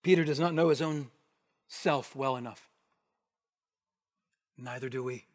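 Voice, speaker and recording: A man preaching an expository sermon, emphatic, rising to forceful bursts and dropping to hushed asides. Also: mid-range voice, unhurried. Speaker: pastor. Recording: long hall reverb.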